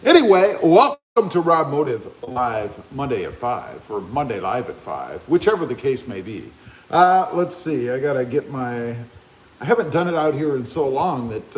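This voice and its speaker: Laid-back man with a lively voice. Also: mid-range voice, normal speed, reverberant. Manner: laid-back, chatty, greets viewers by name. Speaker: livestream host. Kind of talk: casual live chat reading comments. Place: open garage with a fan running. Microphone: cell phone camera.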